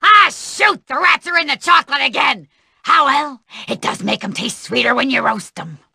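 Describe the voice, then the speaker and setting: An actress voicing a crude, grumpy older woman who cooks for a school, yelling at children in a rough, coarse way. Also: high-pitched, expressive, normal speed, no echo, exaggerated voice. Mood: grumbling. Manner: coarse, grouchy, yelling at kids. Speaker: school cafeteria cook.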